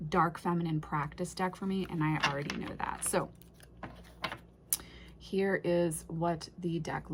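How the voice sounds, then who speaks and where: A woman's voice: on the low side, noisy background. A woman casually unboxing and reviewing an oracle deck, gushing and emotional, often trailing off and restarting her sentences.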